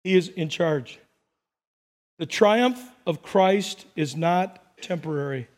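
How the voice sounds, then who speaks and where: A man preaching a sermon as pastor, telling stories and acting out voices, swinging between soft and loud. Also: a little high, takes it slowly. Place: church sanctuary. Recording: long reverb of a large hall.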